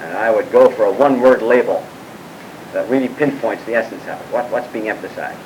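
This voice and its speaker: A man's voice: fairly low pitch, a little fast, a little mellow, a little hiss or hum, low-quality recording. A man teaching a Bible class, explaining passages and putting questions to his students, with frequent asides and hesitations.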